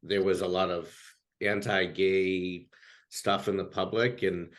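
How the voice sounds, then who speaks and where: Earnest low-voiced man. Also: flat delivery, fairly bright tone. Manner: earnest, halting, with many restarts. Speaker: life coach for queer youth. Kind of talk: interview guest, earnest personal talk.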